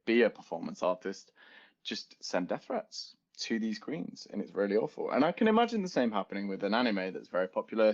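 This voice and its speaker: Low-voiced young man on lo-fi podcast. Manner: rambling, laughs often, chatty. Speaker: podcast co-host. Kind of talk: casual chat. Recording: dull lo-fi home podcast recording.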